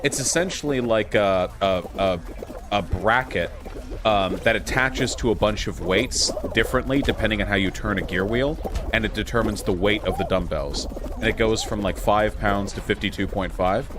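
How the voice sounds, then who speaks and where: A man hosting a livestream and chatting casually while he plays a game, quick, profane and sarcastic. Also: on the low side, noisy background. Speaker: livestream host. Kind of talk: casual stream chat while gaming.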